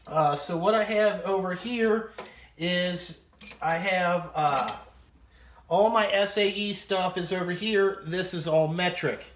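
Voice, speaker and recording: A man's voice: high-pitched, slight background noise. A man in his thirties giving a casual show-and-tell as a vlogger, blunt, profane and rambling. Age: 30s. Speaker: vlogger showing his toolbox. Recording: echoey room.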